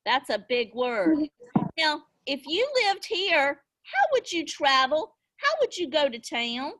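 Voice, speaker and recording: A middle-aged woman teaching young children over a video call, slow and sing-song, encouraging them with little gasps of delight. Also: high-pitched, very animated, fairly bright tone. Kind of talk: online class lesson for young children.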